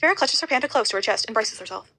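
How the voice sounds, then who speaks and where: A woman reading a novel aloud, rushing and often stumbling over words. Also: fairly high pitch, lively intonation, creaky, bright, forceful tone, husky, low-quality recording. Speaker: audiobook reader.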